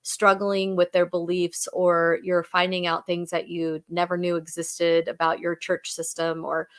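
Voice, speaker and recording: A woman's voice: fairly low pitch, completely flat delivery, measured pace. Earnest middle-aged woman, chatty. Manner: earnest, fills with "like" and "you know". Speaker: podcast co-host sharing her story. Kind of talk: heartfelt casual chat.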